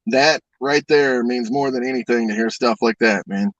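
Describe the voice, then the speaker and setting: A man's voice: mid-range voice, moderate pace, a bit bright, dry recording, muffled recording. Easygoing man calling in from a car. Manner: easygoing, storytelling. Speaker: podcast guest. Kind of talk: casual chat. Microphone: phone.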